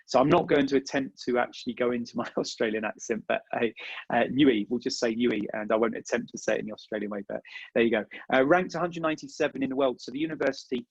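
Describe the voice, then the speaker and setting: A man's voice: medium pitch, fairly even intonation, quick pace, breathy edge, dry recording. A man with an English accent giving a casual virtual presentation about a university, chatty and full of ums and uhs. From England. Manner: chatty, repeats words, many filler ums and uhs. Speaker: university recruiter. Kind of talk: virtual info session presentation. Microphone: video call. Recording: dull lo-fi video call audio.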